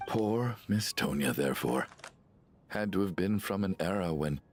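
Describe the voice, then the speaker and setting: An actor playing a weary, grieving middle-aged father in a video game, confessing slowly with heavy sighs. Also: sits low, lively intonation, a little hiss or hum. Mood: sorrowful. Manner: slow, heavy, sighing confession. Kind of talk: game voice acting.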